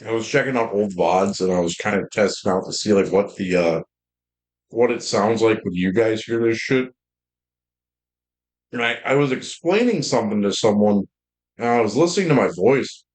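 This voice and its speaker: A man with a low, deep streaming voice chats casually to his viewers. He rambles, stacks up fillers and restarts his sentences, and keeps his voice a bit louder than normal talk. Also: normal speed, low-quality recording. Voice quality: deep, slightly loud streaming voice. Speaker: game streamer.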